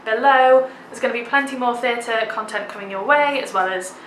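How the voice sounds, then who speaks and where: A young woman with a slightly high, fairly bright voice talks at a normal pace in a casual vlog reviewing a theatre show, gushing enthusiastically and saying "like" constantly. The audio is poor, roomy, with a little hiss or hum.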